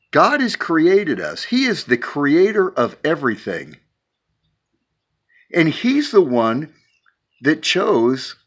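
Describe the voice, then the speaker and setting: A man preaching in a slow, musing way while talking from his porch. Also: on the high side, a bit bright. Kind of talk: devotional vlog talk.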